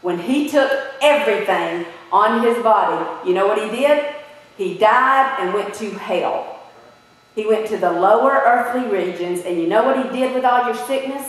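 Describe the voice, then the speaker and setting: Animated woman preaching in an echoey hall. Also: mid-range voice, moderate pace, recorded from a distance. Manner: animated, asks the audience questions. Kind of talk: sermon.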